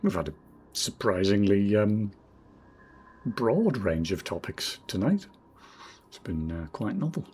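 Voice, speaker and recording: Man, 40s, southern English accent, husky voice, rambling game stream chat, quiet muttered asides. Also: on the low side, big pitch swings, slow pace, long pauses. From Northeast England. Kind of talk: casual game commentary while reading chat.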